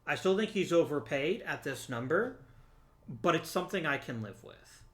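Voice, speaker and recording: Bright-voiced man chatting through a game. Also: a little high, lively intonation, normal speed. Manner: chatty and joking, talks to the viewers and to the players on screen. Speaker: let's play host. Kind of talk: casual gameplay commentary.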